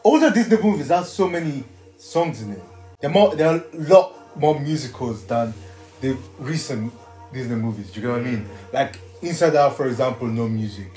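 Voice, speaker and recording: Young man, reaction host, upbeat and jokey, mid pitch, echoey room, faint music behind. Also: expressive, brisk, warm tone. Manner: upbeat, jokey, talks over the film. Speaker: channel host reacting to a film. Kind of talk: casual reaction chat.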